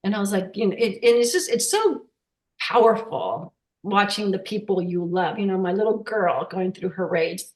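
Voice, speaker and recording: A woman speaks over a video call, telling an emotional personal story. She stumbles and restarts often as she searches for words. Her voice sits at a middle pitch and carries a noticeable roomy echo. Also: lively intonation. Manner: emotional, halting, many restarts. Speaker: workshop participant sharing a story. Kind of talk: casual testimonial.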